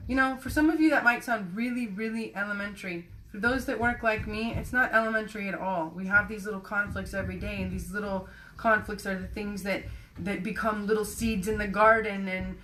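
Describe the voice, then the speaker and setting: A woman's voice: mid-range voice, sharp tone, a little hiss or hum. A woman talking candidly to camera in a rambling, self-reflective personal monologue, swearing casually. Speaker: personal vlogger.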